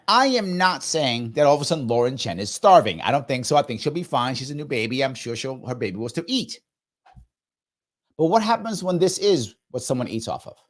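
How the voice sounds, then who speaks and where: A man hosting a live commentary show, talking in an animated way and often asking rhetorical questions. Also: a little high. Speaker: host.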